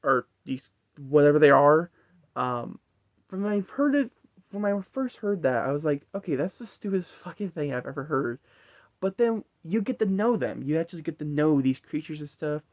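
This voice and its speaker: A man's voice: fairly high pitch, very animated, normal speed, dry recording, lo-fi sound. A man giving a casual, rambling film review full of swearing and frequent laughter. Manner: rambling, profane, laughs often. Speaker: movie reviewer.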